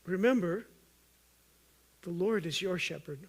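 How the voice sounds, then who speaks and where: A man preaching a sermon as pastor, earnest and urging, at times loud and at times hushed, joking with the congregation. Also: measured pace. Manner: earnest, swings from loud emphatic urging to soft low intensity; jokes with the congregation.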